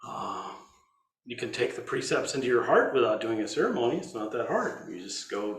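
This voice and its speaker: A man teaching as a Zen teacher, giving an informal dharma talk in a conversational way, thinking aloud with pauses and restarts. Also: medium pitch, sing-song, roomy sound.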